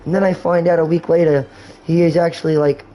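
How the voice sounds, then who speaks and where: A man's voice: on the high side, little pitch movement, a little fast, mellow, low-quality recording. A man in his twenties talking in a rambling, candid way and swearing often, while hosting a gaming livestream. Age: 20s. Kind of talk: rambling casual chat.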